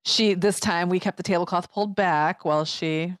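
A woman's voice: on the low side, fairly even intonation, normal speed, no room sound, clean studio sound. A woman in her thirties co-hosting a podcast, telling stories animatedly and laughing often. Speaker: podcast co-host. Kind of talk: casual chat.

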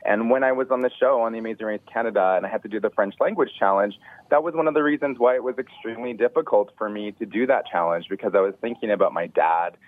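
A man calling in as a guest, explaining a day of remembrance in a measured, earnest way over the phone. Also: on the low side. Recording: tinny phone line.

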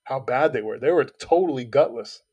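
A man co-hosting a casual soccer podcast, giving animated, profane opinions. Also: medium pitch, moderate pace, vocal fry, slightly rough, highs cut off. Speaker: podcast co-host. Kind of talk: casual sports podcast chat.

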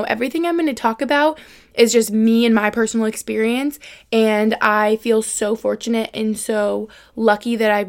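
A young adult woman hosting her own podcast, talking in a rambling, upbeat way full of fillers. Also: fairly high pitch. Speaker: podcast host. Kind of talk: casual solo podcast chat.

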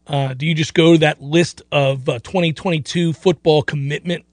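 A man with a fairly high voice hosts a sports talk show. He rambles in a chatty, easygoing way and sometimes slips into playful put-on voices. The studio mic is close and dry, with no room sound. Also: fairly even intonation, moderate pace, no echo. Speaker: sports radio host. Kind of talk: casual sports radio talk.

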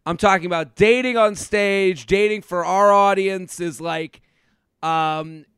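A man co-hosting a podcast, a comedian telling animated stories and acting out what people said, in casual chat. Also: high-pitched, a little slow, smooth, no echo, clean studio sound. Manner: animated storyteller, acts out quotes.

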